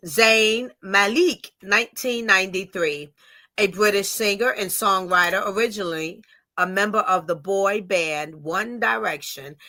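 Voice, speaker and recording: A woman's voice: medium pitch, pushed and bright. A woman co-hosting a livestreamed podcast, reading fun facts from notes with small stumbles and laughs, over a video call. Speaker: podcast co-host.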